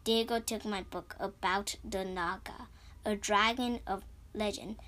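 A woman voicing a stern old male wizard teacher in a read-aloud storybook, shouting at first and then grave. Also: mid-range voice, fairly even intonation, unhurried, close to an everyday voice.

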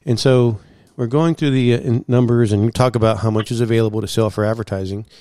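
A man guest in casual storytelling, animated, acting out what others said and using many fillers. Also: medium pitch, fast talker, dry recording. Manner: animated, acts out quoted dialogue, many fillers.

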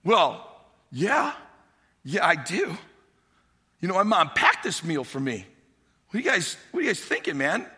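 A man voicing a skeptical little boy who clutches his lunch and talks back fast, in disbelief, during a sermon. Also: sits high, huge pitch swings, pushed and bright, breathy edge, pitched above the performer's own voice, heavily acted. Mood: incredulous. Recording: long hall reverb.

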